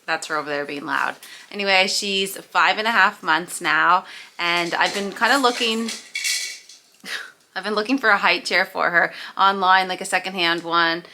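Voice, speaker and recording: A woman's voice: fairly low pitch, normal speed, noisy background. A young woman from Canada talking in a chatty, casual home vlog, using lots of fillers. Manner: chatty, filler-heavy talk. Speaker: vlogger.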